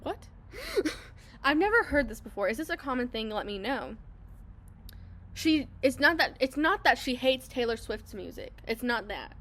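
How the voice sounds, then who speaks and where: A woman's voice: fairly high pitch, moderate pace, slight background noise. A young woman hosting a podcast, telling a story in casual chat, acting out what other people said. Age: young adult. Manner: animated, acts out other people's lines in quotes. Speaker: podcast host. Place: public place.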